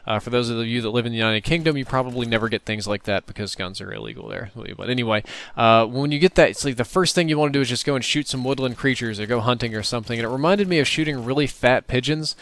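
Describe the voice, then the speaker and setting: An American man with a medium-pitched, fairly bright voice talks quickly over his own recorded gameplay footage. His voice-over is casual, rambling, and wry.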